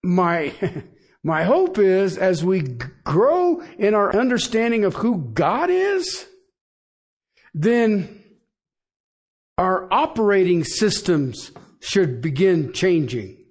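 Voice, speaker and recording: A middle-aged pastor preaches in an unhurried, conversational way. His voice sits fairly high for a man, and he often stops to put rhetorical questions to his listeners. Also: sing-song. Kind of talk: sermon.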